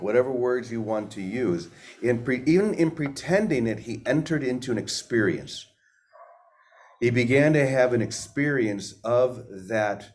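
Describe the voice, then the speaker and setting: With a medium-pitched, somewhat dark voice, this man leads a relaxed spiritual talk as teacher and host. He poses questions to listeners and tends to repeat himself while working through his thoughts.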